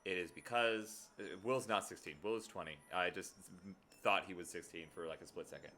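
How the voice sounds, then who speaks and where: A man's voice: low-pitched, brisk, bright, forceful tone. A man streaming a video game live, talking earnestly and directly to his viewers in casual chat. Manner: earnest, talks straight to viewers.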